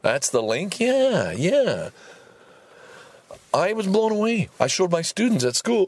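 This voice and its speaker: A man hosting a casual solo podcast, ranting in an animated and profane way. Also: high voice, slow pace, long pauses, breathy edge, no echo. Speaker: podcast host.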